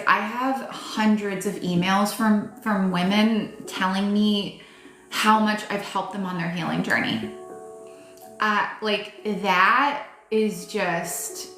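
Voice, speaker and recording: A woman's voice: mid-range voice, a bit bright. A woman tarot reader gives a live pep talk in a chatty, emphatic way, calling her viewers "guys" and swearing now and then. Her voice sits in the middle range for a woman. The room is roomy and echoey, with faint music playing underneath. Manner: many fillers and restarts, occasional swearing.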